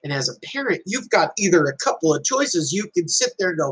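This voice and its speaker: Very animated and talking a little fast, a man with a high-pitched, fairly bright, husky voice tells stories and parables to give life advice. He has children, and his motivational talk is earnest and reflective. The recording quality is low.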